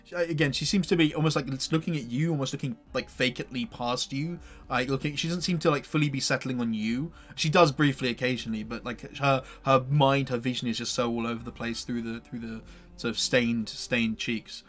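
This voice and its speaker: A man's voice: medium pitch, steady tone, a little fast, fairly bright tone. Hesitant man narrating as game master. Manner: hesitant, full of fillers like "sort of".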